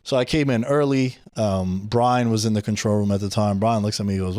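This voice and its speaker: A podcast host with a New York accent tells a story in casual, slangy talk, swearing freely, in a podcast studio. He speaks fast in a fairly low, darkish voice, and the recording is dry.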